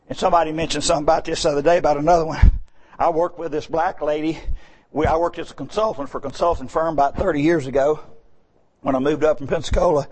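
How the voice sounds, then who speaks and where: A man preaching a sermon in church, telling folksy stories and shouting his key points with emphasis. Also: a little high.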